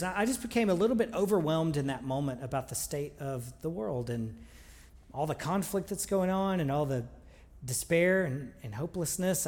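A man's voice: fairly high pitch, darkish tone. A man preaching a sermon in a conversational, earnest way, with frequent restarts. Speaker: pastor. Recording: long reverb of a large hall.

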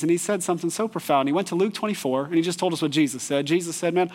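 A man giving a sermon as pastor, earnest and lively, with bursts of animated storytelling. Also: fairly high pitch, in a large hall.

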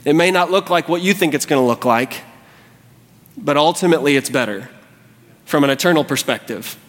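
Pastor guy preaching hard, kinda high voice, big echoey church hall. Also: expressive, a little fast, a bit bright. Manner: impassioned, rising to fervent pleading. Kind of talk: sermon. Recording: long hall reverb.

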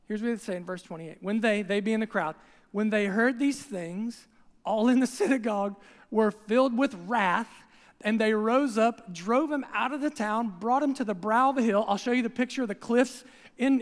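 An older man preaches with a voice pitched unusually high for a man, telling the story with animated energy and putting on the crowd's voices. His words ring out with a long reverb, as in a large church hall. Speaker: pastor. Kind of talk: sermon.

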